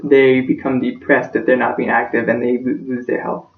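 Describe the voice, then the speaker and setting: A man's voice: medium pitch, flat delivery, normal speed. A young man giving a practice persuasive speech for a class, earnest and emotional, his voice close to breaking. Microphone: self-recorded from a distance. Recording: echoey room, distant dull-sounding mic.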